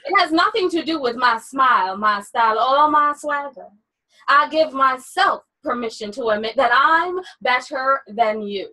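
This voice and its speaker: A woman author co-hosting a casual book chat, who also reads her own poem slowly and deliberately. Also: sits high, animated, bright, forceful tone, poor audio. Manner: slow, deliberate poetry reading. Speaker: author and co-host. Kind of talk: casual chat and poetry reading.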